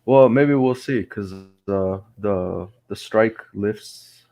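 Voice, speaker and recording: A man's voice: on the low side, slow pace, dark tone. A man speaking as a stream guest in casual chat, hesitant and full of fillers.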